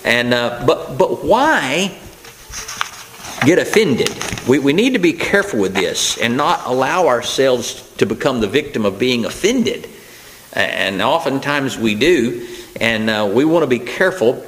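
A man's voice: medium pitch, big pitch swings, a little slow, a bit bright, low-quality recording. A man preaching a sermon, his voice rising to emphatic preaching at key points, with fillers and restarts.

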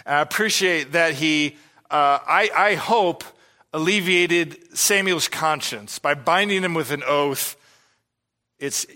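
A male pastor delivers a verse-by-verse sermon in a bright, forceful voice set a little high for a man. He talks earnestly and with animation, and he briefly acts out the people he quotes. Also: a little slow. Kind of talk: expository sermon.

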